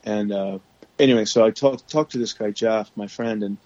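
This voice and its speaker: A man guest telling his story candidly on a podcast, halting often with restarts and fillers, over remote call audio. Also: fairly low pitch, dark tone, muffled recording.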